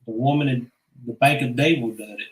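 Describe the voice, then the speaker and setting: Speaking fairly quickly in a mid-range voice, a male vlogger tells personal anecdotes in a casual way. His delivery is blunt, profane and meandering, and the recording has an echoey room sound.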